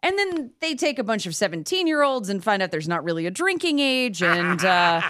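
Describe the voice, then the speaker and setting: A woman in her forties telling stories in casual chat, expressive and prone to high squeaks when she quotes herself. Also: moderate pace.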